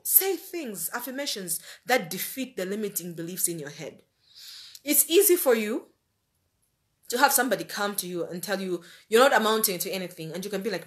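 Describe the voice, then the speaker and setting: Woman, mid-pitched, sincere faith-based motivational speaker, conversational and repetitive for emphasis. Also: lively intonation, a little fast. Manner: earnest, conversational, repeats phrases for emphasis. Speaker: life-planning speaker.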